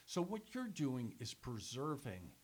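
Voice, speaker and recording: An older man, a former radio sales executive and sports announcer, telling stories in casual conversation as a lively storyteller who swears casually. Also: medium pitch, measured pace, slightly rough. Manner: animated storyteller, swears casually, laughs through anecdotes. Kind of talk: casual reminiscing chat.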